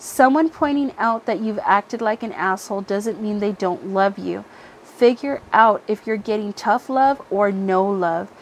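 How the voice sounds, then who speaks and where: A woman's voice: mid-range voice, a little slow. A woman giving a casual tarot reading, blunt and heavy on swearing, with many fillers like "you know" and "okay". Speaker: tarot reader. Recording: faint background noise, helicopter overhead at times.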